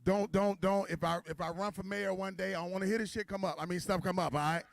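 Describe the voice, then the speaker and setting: Brief: playful male emcee, high voice, dry close sound, teasing the crowd. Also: steady tone, fast, vocal fry, no room sound. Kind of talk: stand-up joke telling at a gala.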